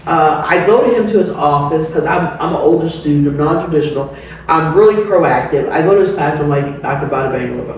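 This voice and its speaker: Middle-aged woman, interview guest, candid and lively, laughs easily; distant mic in a roomy space. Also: deep voice. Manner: animated, candid, laughs often. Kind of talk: personal storytelling. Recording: very echoey room, distant mic, faint noise.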